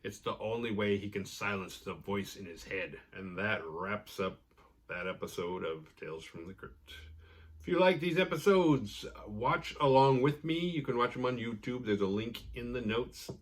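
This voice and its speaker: A man hosting a podcast, casually retelling a horror episode with profanity and quick acted-out quotes. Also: on the low side, expressive. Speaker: podcast host recapping episodes. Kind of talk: casual recap chat.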